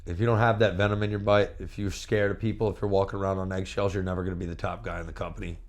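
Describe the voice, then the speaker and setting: A man with a fairly low voice gives a candid interview about his years as a pro wrestler. He talks brashly and boastfully and swears freely. His animated storytelling breaks into bursts of repeated words. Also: rapid-fire.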